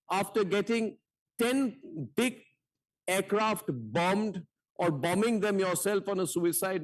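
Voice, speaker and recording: A man anchoring a heated televised debate, combative and mocking, firing repeated rhetorical questions. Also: high-pitched.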